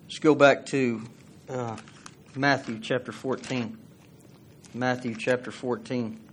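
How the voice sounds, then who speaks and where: A man preaching, folksy and conversational. He reads scripture aloud and keeps turning to the congregation with questions. His voice sits at a middle pitch. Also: steady tone, takes it slowly, a little hiss or hum. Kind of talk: sermon.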